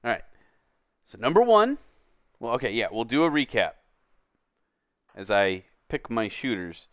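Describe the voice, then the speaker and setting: Man ranting emphatically, smooth voice. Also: mid-range voice, sing-song, measured pace, fairly bright tone, no room sound. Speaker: gaming streamer. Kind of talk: casual ranting commentary while gaming. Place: at a computer. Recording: dull lo-fi dry sound.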